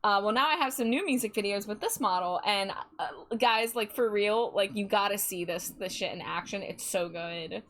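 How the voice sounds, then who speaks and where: A woman's voice: mid-range voice, normal speed, hardly any pauses, fairly bright tone. A young woman with a Midwestern accent, chatting casually and playfully with her live chat as a streamer, laughing often. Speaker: livestreamer.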